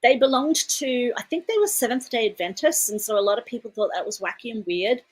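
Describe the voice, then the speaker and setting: A woman's voice: on the high side, expressive, brisk, slightly rough, low-quality recording. A woman from Detroit co-hosting a casual livestream chat, chatty and laughing often, with casual swearing. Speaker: co-host.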